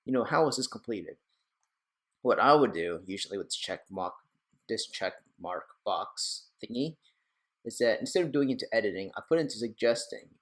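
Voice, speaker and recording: A young man hosting a casual screen-recorded software tutorial, chatty and rambling with self-deprecating asides. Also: on the low side, lively intonation, moderate pace. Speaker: tech tutorial host.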